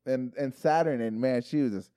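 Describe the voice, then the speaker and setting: A man's voice: moderate pace, clean tone. A middle-aged father with a Texan accent tells a family story to friends, putting on his kids' voices. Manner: lively, jumps into high voices when quoting his kids. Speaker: father, podcast co-host. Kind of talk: casual storytelling among friends.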